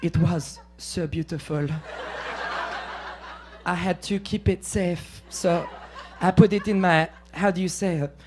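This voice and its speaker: A man voicing a dreamy French woman from an art film, with a put-on French accent and soft, drawn-out speech. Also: high-pitched, fairly even intonation, background noise.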